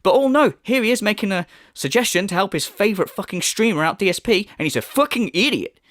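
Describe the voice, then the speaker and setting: A man tears into his subject in a furious, foul-mouthed commentary. His voice sits high and swings wildly in pitch. The sound is dry, with no room behind it. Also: lively intonation, quick pace, fairly bright tone, no room sound. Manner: angry, profane, mocking. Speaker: commentary youtuber. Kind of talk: ranting commentary.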